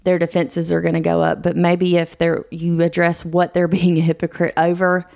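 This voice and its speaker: This is a woman with a lowish voice and a gravelly fry running through her words. She co-hosts a casual podcast chat and works through her ideas thoughtfully, with an easy laugh here and there. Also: monotone, moderate pace, a little mellow. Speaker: podcast co-host.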